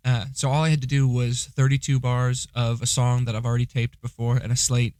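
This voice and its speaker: A man's voice: medium pitch, level tone, brisk, darkish tone, dry recording. A young man co-hosting a podcast, chatting casually in a joking, self-deprecating way. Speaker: podcast co-host. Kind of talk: casual chat.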